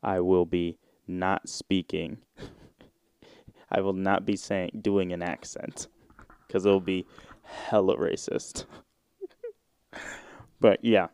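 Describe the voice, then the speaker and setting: A young man in his twenties talks through a casual solo podcast episode, drifting from one thought to the next in loose slang. His voice is smooth and resonant, recorded close and dry with no room sound. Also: low voice, little pitch movement, slow, pauses often, a little mellow, no echo. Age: 20s. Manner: rambling and slangy, with frequent fillers and swearing. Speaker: podcast host.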